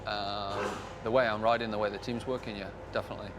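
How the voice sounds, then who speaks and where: A man from Britain, a motorcycle racer, answering an interview in a low-key, determined way. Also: level tone, fast talker. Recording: noisy outdoor paddock interview.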